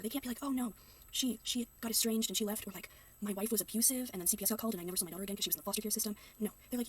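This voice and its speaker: A woman's voice: medium pitch, very fast, distant mic, a little hiss or hum. A young woman reacting to a video in casual commentary, ranting sarcastically and slipping into mocking voices. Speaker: reaction youtuber.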